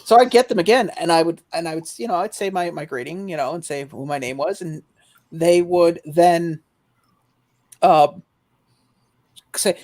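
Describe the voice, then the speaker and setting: A man co-hosting a livestream chat, telling stories with lively quoted exchanges and frequent repeated words as he starts sentences. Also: a little high, normal speed, pauses often. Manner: storytelling, animated quoting of callers. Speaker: livestream co-host. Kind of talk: casual chat.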